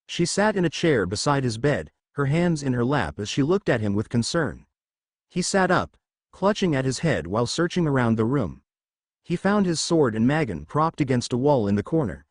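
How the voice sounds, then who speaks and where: A man's voice: medium pitch, no room sound. Man narrating a story in a dry sound. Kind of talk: storybook reading of fan fiction.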